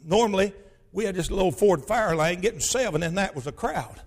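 A man with a high-pitched voice preaches by telling a story from his own life. He talks in a folksy, emphatic way and breaks into shouts when he praises. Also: animated, brisk. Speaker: pastor. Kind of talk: storytelling sermon.

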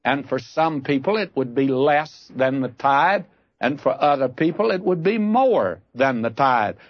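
A man's voice: medium pitch, animated, measured pace, husky, no room sound, muffled recording. An older man teaching the Bible on radio, telling folksy stories and throwing out emphatic questions.

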